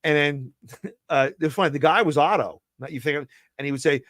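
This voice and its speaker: A man's voice: fairly high pitch, a little fast, dry recording. A middle-aged man with a Philadelphia accent, a comedian telling stories in casual podcast chat, laughing often and stumbling over restarts. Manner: animated storyteller, laughs often, stammers restarts. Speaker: comedian guest.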